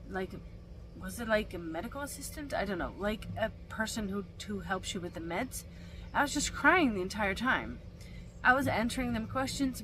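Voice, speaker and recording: A woman's voice: medium pitch, fairly bright tone, slight background noise. A young woman chatting in a casual vlog, rambling with many fillers and restarts. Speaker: vlogger. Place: camper van.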